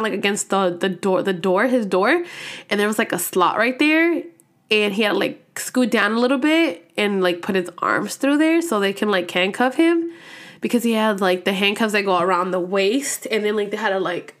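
A woman's voice: mid-range voice, fairly bright tone. Profane rambling woman telling a story. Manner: rambling, profane, heavy use of "like" fillers; slang-filled, laughs when nervous. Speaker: podcast host. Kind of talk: casual storytelling.

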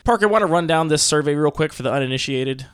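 A man's voice: a little high, lively intonation, fast, clear, resonant tone, no room sound, studio quality. A man hosting a podcast, chatting casually with many fillers. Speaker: podcast host. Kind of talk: casual chat.

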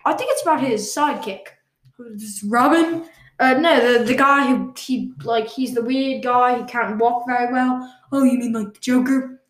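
Casting: a woman host, higher voice, playful rambling chat, echoey room. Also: moderate pace. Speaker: podcast host. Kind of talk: casual comedic podcast chat. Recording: roomy echo.

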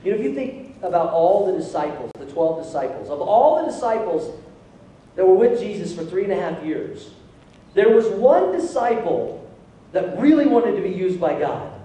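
A male pastor preaching a sermon in a church, animated, calling out to the congregation for responses. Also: high-pitched, normal speed. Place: church sanctuary. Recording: echoey hall from far off.

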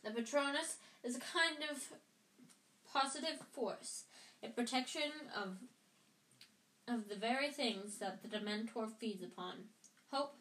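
A woman's voice: a little high, measured pace, a bit bright. A woman voicing a kindly male wizard teacher, explaining patiently in a home reading. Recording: roomy echo.

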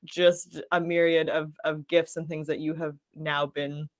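A woman hosting a podcast interview, encouraging her guests with steady backchannel and getting animated when telling anecdotes. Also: sits low, unhurried. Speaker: podcast host. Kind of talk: casual interview chat.

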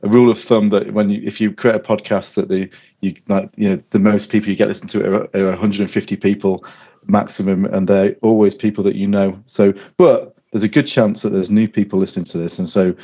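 A man's voice: on the low side, little pitch movement, a little fast, dark tone, breathy edge. A man hosting a podcast in casual chat, rambling and laughing easily. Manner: chatty, rambling, laughs often. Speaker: podcast host. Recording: dull lo-fi audio.

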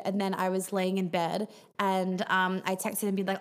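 A young woman hosts a live podcast Q&A in a casual, rambling way. She talks in an easy, middle-pitched voice, full of fillers, and she swears freely. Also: level tone, a little fast. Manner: chatty, frequent fillers and swearing. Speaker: podcast host answering viewer questions.

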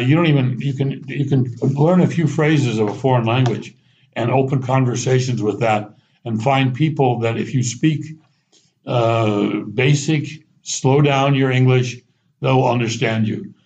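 Guy telling stories in an easy chatty way, laughs at his own jokes, slightly dull sound. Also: medium pitch. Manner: animated anecdotes, frequent restarts and chuckles. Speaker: guest. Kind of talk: conversational storytelling.

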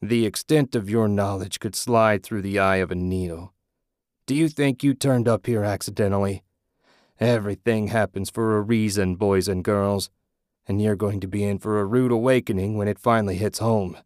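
A man reading an audiobook, voicing a young man shouting scornful defiance. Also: fairly low pitch, steady tone, moderate pace, dry recording, clean studio sound, natural voice. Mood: defiant.

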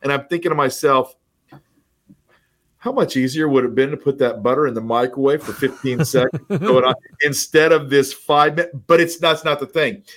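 Animated man coaching real estate agents. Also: mid-range voice. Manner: animated storyteller, acts out quoted dialogue. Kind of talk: casual podcast conversation.

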